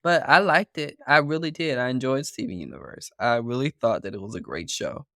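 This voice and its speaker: A man's voice: medium pitch, fairly quick, no room sound. Brief: man podcast co-host, teasing and easygoing, mid-range voice, dry mic. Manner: playful, teasing, relaxed. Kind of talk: casual chat.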